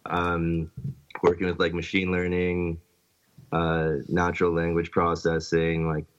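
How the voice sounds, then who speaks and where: A man's voice: sits low, monotone, unhurried, clear, resonant tone. A man with a Canadian accent chatting casually, rambling and filling his speech with "like". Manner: rambling, heavy use of "like". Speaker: podcast guest. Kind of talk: casual chat. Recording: dull lo-fi sound.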